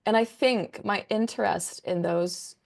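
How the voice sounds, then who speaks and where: A woman's voice: mid-range voice, unhurried, creaky. A young woman, a book content creator, chatting as a guest in a casual interview, rambling enthusiastically with lots of fillers.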